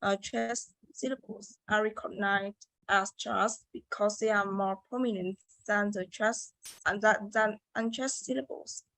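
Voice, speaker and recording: A woman's voice: medium pitch, fairly even intonation, a little slow, a bit bright, no room sound, poor audio. A young woman giving a class presentation, reading carefully with hesitations and restarts. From Vietnam. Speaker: student presenter. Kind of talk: class presentation on word stress.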